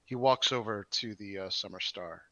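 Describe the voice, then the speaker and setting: A man's voice: fairly low pitch, normal speed, fairly bright tone, no echo. A man narrating as game master in a tabletop game, rambling with many fillers and restarts. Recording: dry, dull lo-fi mic.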